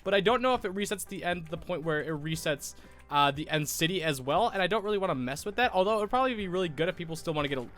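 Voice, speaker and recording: A man's voice: sits high, lively intonation, rapid-fire, fairly bright tone, soft background music. A young American man with a cold, stuffy and sniffling, rambling through casual gameplay commentary as a Minecraft YouTuber. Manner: rambling, self-correcting, sniffling.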